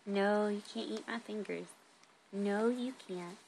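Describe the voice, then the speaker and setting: A woman's voice: medium pitch, slow pace, vocal fry, a little mellow, a little hiss or hum. A mother cooing in sing-song baby talk to her infant son, recorded on a phone at home. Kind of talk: talking to a baby.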